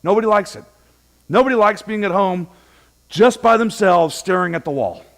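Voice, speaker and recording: A man with a fairly high voice delivers a relaxed church sermon. He talks to the congregation like friends and tells stories from home. He acts out both sides of each exchange as he goes. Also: normal speed, creaky. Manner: conversational preaching with humorous anecdotes, acting out dialogue. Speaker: pastor.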